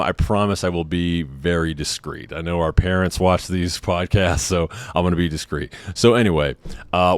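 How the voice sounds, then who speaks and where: Deep, smooth-voiced man telling a story. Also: dry recording. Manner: candid, joking, lots of filler asides. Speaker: podcast host. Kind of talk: casual storytelling.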